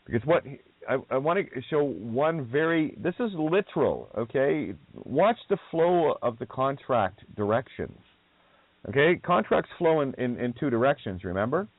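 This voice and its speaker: Blunt swearing radio host, tinny sound. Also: male voice, medium pitch, very animated, moderate pace, no echo. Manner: blunt, swearing, nonchalant and digressive. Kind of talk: casual radio talk. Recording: dry tinny phone-quality audio.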